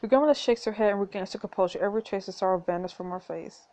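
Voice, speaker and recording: A woman hosting a let's play, reading a story game aloud and adding snarky, expressive asides. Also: mid-range voice, racing, hardly any pauses.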